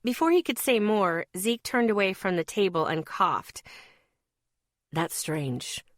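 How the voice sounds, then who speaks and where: A woman narrating a first-person audiobook in a lively, upbeat and playful way. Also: medium pitch, normal speed, dry recording, studio quality.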